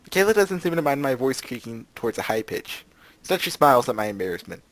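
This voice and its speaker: A man's voice: medium pitch, very animated, fast, fairly bright tone, no echo. A man hosting a let's play, reading a visual novel aloud and breaking off for sarcastic, jokey asides. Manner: sarcastic, jokey asides between read lines.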